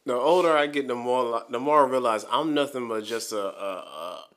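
A man's voice: medium pitch, normal speed, fairly bright tone. A man around forty co-hosting a podcast, chatting casually, teasing his co-host and talking in slang. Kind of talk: casual chat.

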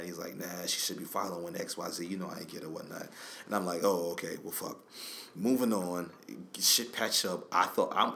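A man co-hosting a podcast, telling a long story in casual, profane, animated chat. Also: sits low, a little hiss or hum. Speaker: podcast co-host.

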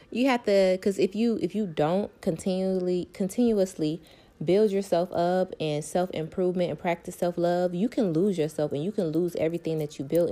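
A woman's voice: fairly low pitch, warm tone. A young woman, talking candidly and emphatically to her viewers about her love life and self-worth, repeating points for stress. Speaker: vlogger.

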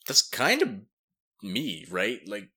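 A man's voice: lowish voice, wildly swooping pitch, slow, bright, forceful tone, husky. A man in casual chat, a laid-back listener who mostly gives short, dry replies.

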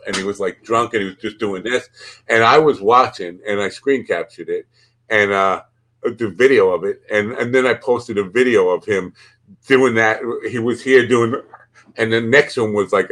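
A man's voice: lowish voice, fairly bright tone. A man hosting a podcast, chatting casually in a rambling, crude, joking way. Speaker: podcast host. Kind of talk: casual chat.

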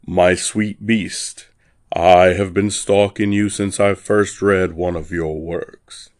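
A man voicing a seductive female demon posing as a witch, speaking in a slow, low, coaxing way. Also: steady tone, darkish tone, no room sound, clean studio sound.

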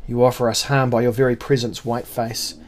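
A man reading an audiobook and voicing a fierce, frightened barbarian ship captain who loudly denounces his enemy. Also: medium pitch, little pitch movement, brisk, close to an everyday voice. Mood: fierce, defiant. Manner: loud, defiant, denouncing. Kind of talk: audiobook character voice.

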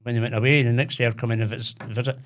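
An older man with a Glaswegian Scottish accent, telling childhood stories as a podcast guest with animated, laughing delivery. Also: mid-range voice, rapid-fire. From Glasgow, Scotland. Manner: animated anecdotes with frequent laughter. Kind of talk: casual storytelling.

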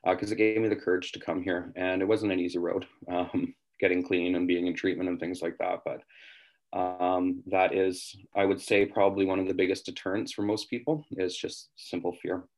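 A man's voice: sits low, level tone, normal speed, low-quality recording. A man from western Canada telling his own story in an interview, candid and earnest. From West Kootenays, British Columbia, Canada. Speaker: interviewee in addiction recovery. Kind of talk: reflective interview answers.

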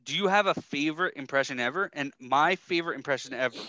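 A man's voice: on the high side, fast talker, bright, forceful tone, no room sound, dull audio. A young man co-hosting a podcast, telling rambling stories and laughing often in casual chat. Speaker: podcast co-host.

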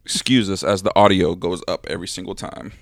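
A man's voice: sits low, steady tone, brisk, no room sound, clean studio sound. A man co-hosting a casual podcast from a couch, loose and joking, swearing and laughing often. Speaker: podcast co-host. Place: living room couch.

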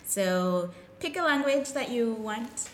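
A woman's voice: a little high, expressive, takes it slowly. A woman hosting a podcast interview, upbeat and enthusiastic, asking friendly questions. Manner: enthusiastic, lots of "awesome". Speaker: podcast host. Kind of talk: casual interview. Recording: roomy echo, faint noise.

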